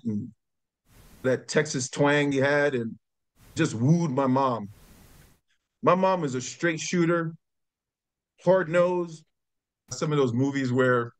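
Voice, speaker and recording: A middle-aged man, a former college football player telling stories as a podcast guest, acting out the voices of the people in them. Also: medium pitch. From New York. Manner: animated storyteller who acts out quotes. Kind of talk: casual storytelling.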